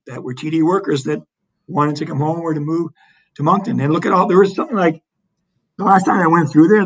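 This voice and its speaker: A man's voice: fairly high pitch, slightly rough, poor audio. A man being interviewed, talking conversationally with lots of restarts and fillers. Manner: animated storytelling with frequent restarts and fillers. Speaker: interview guest, economic development leader.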